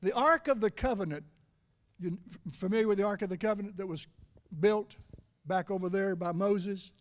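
A middle-aged male preacher with a high voice delivers a sermon. He swings from loud, emphatic lines to low, confiding asides. He slows down and stretches key words when he wants them to land.

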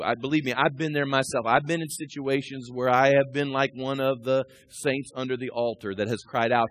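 A man in his sixties preaching a sermon, talking through scripture and personal stories and building to loud, rising peaks. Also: medium pitch, fairly even intonation, brisk. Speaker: pastor.

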